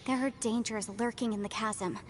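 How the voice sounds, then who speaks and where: An actress playing a composed, formal legal adviser explaining things in a game. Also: female voice, a little high, fairly even intonation, a crowd in the background, close to an everyday voice. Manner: measured, formal.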